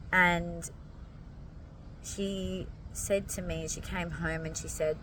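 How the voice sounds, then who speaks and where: A woman, hoarse and tired, talking earnestly and emotionally to her followers and swearing casually. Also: on the low side, flat delivery, takes it slowly, recorded from a distance, background noise. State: hoarse, fatigued. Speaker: vlogger addressing followers. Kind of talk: emotional direct-to-camera talk.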